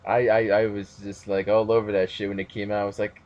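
A man's voice: on the low side, fairly even intonation, a little fast, hardly any pauses, darkish tone, highs cut off, a little hiss or hum. A man hosting a podcast, rambling casually in a laid-back way. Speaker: podcast host. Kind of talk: casual chat.

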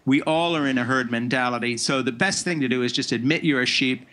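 A man's voice: mid-range voice, fairly quick, a bit bright. A man speaking as a guest on a talk show, blunt with restarts. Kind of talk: casual interview talk.

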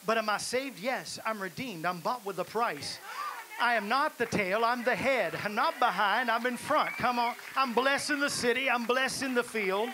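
A man preaching a lively sermon in a church, exhorting the congregation and building to shouts. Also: extremely high pitch, normal speed. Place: church sanctuary. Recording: hissy live church recording.

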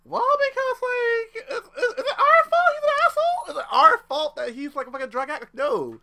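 A man giving loud, profane let's play commentary, mocking the characters and acting out their lines. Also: extremely high pitch, a little fast, gravelly, background noise. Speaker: gameplay commentator. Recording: voice over game audio.

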